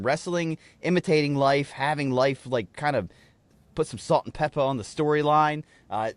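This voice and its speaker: Podcast co-host, male, fairly high voice, profane, animated storyteller, dry close mic. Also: no echo. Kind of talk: casual chat.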